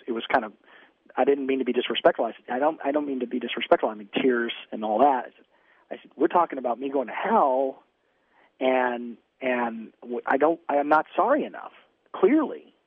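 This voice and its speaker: A man's voice: a little high, no echo. A man calling in to a radio talk show, telling a story in a rambling, earnest way and repeating his words. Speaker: caller guest. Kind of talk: call-in radio conversation. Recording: tinny phone line.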